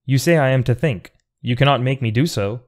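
A man's voice: mid-range voice, fairly quick, lightly acted. A man reading a defiant, thoughtful man. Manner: earnest, precise, argumentative. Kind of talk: audiobook reading.

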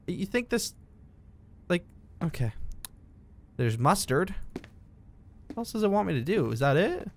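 A man's voice: fairly high pitch, very animated, measured pace, long pauses. A young man giving jokey let's-play commentary, talking to himself and yelping at the game. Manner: jokey, talks to himself, bursts into yelps and shouts at the game. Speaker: gaming video creator.

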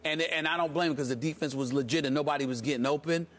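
A man making a forceful, quick case as a commentator on a sports debate show. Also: on the high side.

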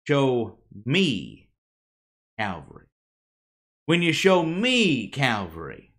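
A man delivers a sermon at a slow, measured pace in a mid-range voice. He leans on dramatic pauses and asks the congregation rhetorical questions. His phrases often drop low and soft at the end. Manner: emphatic, with dramatic pauses and falling endings. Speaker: preacher.

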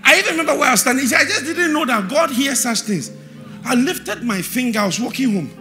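Faint music plays behind a man with a Ghanaian English accent as he delivers a church sermon in a very high, expressive voice, a little fast. He repeats scripture references and moves from hushed asides to loud, sing-song bursts.

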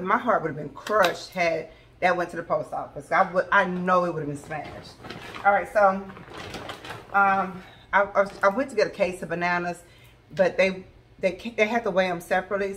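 A woman vlogger, chatting excitedly to her viewers from her home kitchen. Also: on the low side, slight background noise. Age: adult with school-age children. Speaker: vlogger sharing a grocery haul. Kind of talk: casual chat to camera.

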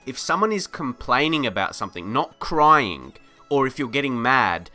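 A man hosting a gaming video, giving casual gameplay commentary in a chatty, rambling way, laughing often and getting excited at good plays. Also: mid-range voice, normal speed, faint music behind.

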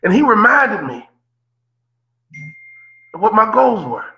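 Fifty-something guy preaching a keynote, really high pitched and sharp, keeps repeating lines. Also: very animated, takes it slowly, lo-fi sound. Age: 50s. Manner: preacher-like, repeats phrases, calls out listeners by name. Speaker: motivational keynote speaker. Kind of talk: impassioned motivational keynote. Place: remote keynote on a call.

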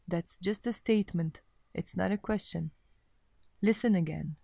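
A woman giving a recorded Arabic language lesson, speaking deliberately and repeating each word for the learner. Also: on the low side, vocal fry, a little mellow, no echo. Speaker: Arabic teacher.

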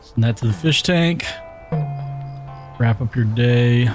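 Profane male gamer, slow commentary over music. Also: mid-range voice. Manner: profane, reactive, talks to himself. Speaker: gaming YouTuber. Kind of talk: casual gameplay commentary.

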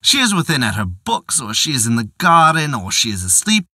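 A man's voice: medium pitch, very animated, a little fast, sharp tone, no room sound, studio quality, exaggerated voice. A man putting on a mocking stepmother. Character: scheming stepmother, mocking and evasive woman.

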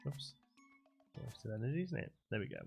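A man chats loosely through a game stream, thinking aloud as he goes. His voice has a gravelly, creaky edge at a middling pitch. Soft game music plays quietly underneath. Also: huge pitch swings, moderate pace. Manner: chatty, thinks aloud while playing. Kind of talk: casual gameplay commentary.

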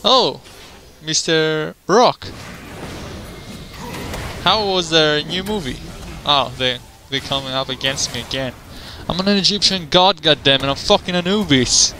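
A fairly high-pitched man narrating his gameplay with a slow, drawn-out delivery. His bright, forceful voice is full of cursing and trash talk aimed at opponents. He keeps breaking into laughter and sudden excited shouts. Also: slight background noise. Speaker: gamer recording his own match. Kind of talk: gameplay commentary.

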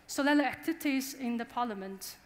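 Lady giving a conference talk, kinda high voice, big echoey hall. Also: fairly quick, slight background noise. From Taiwan. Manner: chatty and engaging, addresses the audience directly. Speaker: conference speaker. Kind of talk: conference presentation. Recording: long hall reverb.

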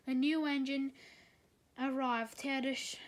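A woman reading a children's storybook aloud, gently, with small slips and restarts. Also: sits high, steady tone, unhurried, slight background noise. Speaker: reader.

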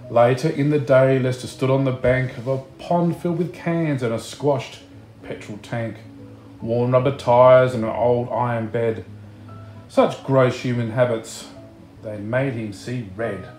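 A man reading a picture book aloud, slow and expressive, chatting to the listener between pages. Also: medium pitch, reverberant, soft background music. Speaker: storybook reader.

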